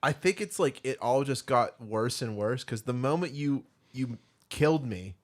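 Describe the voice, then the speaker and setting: A man's voice: medium pitch, animated, normal speed. A man co-hosting a pop culture podcast, rambling and self-mocking as he laughs through his talk. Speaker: podcast co-host. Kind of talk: casual podcast banter.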